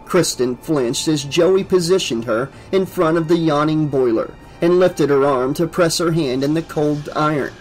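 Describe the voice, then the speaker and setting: A man's voice: on the high side, moderate pace, few pauses, soft background music, low-quality recording. Man reading a horror audiobook. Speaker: audiobook narrator. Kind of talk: scripted narration.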